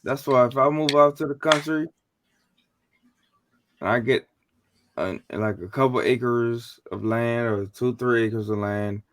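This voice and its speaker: A man's voice: mid-range voice, measured pace, pauses often, a bit bright. Slangy man in casual podcast chat. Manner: slangy, emphatic, swears. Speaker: podcast co-host.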